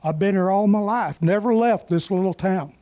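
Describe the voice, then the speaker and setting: A contented old small-town man speaks in a lazy East Texas drawl, as a man telling a joke puts him on. He is matter-of-fact and deadpan, and his voice sits fairly high but sounds soft and mellow. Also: moderate pace, close to an everyday voice.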